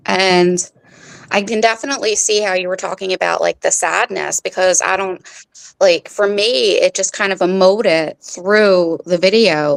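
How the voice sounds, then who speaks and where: A woman co-host speaking in a thoughtful, halting way, full of "like"s. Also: mid-range voice, creaky. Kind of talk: casual live stream chat.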